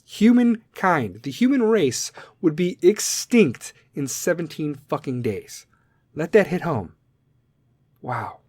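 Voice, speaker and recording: A foul-mouthed man ranting straight at his listeners, blunt and combative, with a fairly high voice. His volume swings from loud to soft, and the recording is dry and close, with no room sound. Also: very animated, slow, husky, no room sound. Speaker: podcast segment host. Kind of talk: profane rant to listeners.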